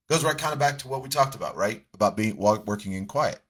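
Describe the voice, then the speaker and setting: A man's voice: lowish voice, expressive, fast talker, few pauses, a bit bright. A middle-aged man, a coach, talking earnestly and reflectively to a camera in a casual motivational way. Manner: earnest, reflective, with many restarts. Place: seated in front of a camera.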